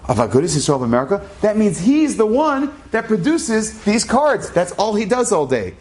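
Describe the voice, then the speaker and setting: Man doing a nine-year-old boy, high, squeaky, eager, insistent. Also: big pitch swings, moderate pace, darkish tone. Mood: excited.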